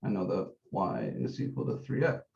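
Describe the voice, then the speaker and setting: A man teaching a math class, working through each step methodically and repeating the key points, slowing down on the numbers as he writes. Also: sits low, wildly swooping pitch, gravelly, a little mellow. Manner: methodical, repeats key steps, says numbers slowly while writing. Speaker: math instructor. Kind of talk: classroom lecture. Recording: dull echoey classroom recording.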